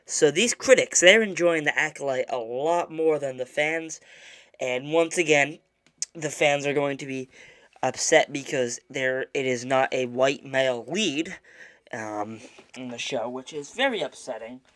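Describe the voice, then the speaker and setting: A man's voice: mid-range voice, unhurried, fairly bright tone, no echo. Male co-host, casual chat, frequent restarts, dry studio sound. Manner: stammering restarts, mock-serious indignation. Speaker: podcast co-host.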